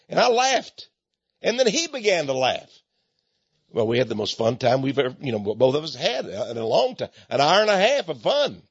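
A man preaching and pitching his book in a folksy way, chuckling often and restarting his sentences. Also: wildly swooping pitch, moderate pace, breathy edge, no room sound. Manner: chuckling storyteller with many stammered restarts. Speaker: author and Christian speaker. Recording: dull lo-fi recording.

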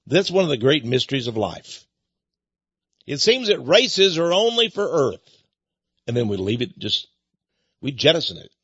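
A man's voice: mid-range voice, big pitch swings, normal speed, pauses often, a bit bright, husky, no room sound, muffled recording. An older man hosting a talk radio show, rambling in a folksy way with chuckling asides. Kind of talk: talk radio monologue with book pitch.

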